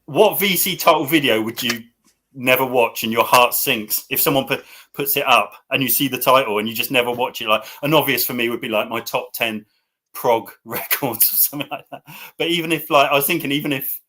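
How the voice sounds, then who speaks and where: A middle-aged man hosts a relaxed record-collecting chat. His voice is bright and forward. He laughs easily as he talks over a computer mic at home. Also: mid-range voice, fairly quick. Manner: chatty, laughs often. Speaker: host. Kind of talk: casual chat about records. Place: home room. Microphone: webcam or computer mic.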